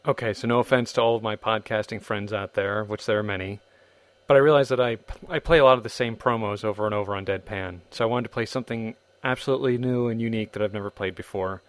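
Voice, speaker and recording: A man's voice: lowish voice, fast, dry recording. A man hosting a podcast and telling anecdotes in a chatty way, full of asides. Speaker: podcast host. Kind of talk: casual spoken storytelling.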